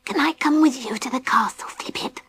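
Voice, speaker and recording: Lady doing a teeny beaver kid, super high squeaky little voice, shy and clingy. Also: a little fast, fairly bright tone, husky, no room sound, heavily acted. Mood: whispering. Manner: childlike, high and sheepish, sometimes whispering. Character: small timid young boy beaver, sweet and clingy.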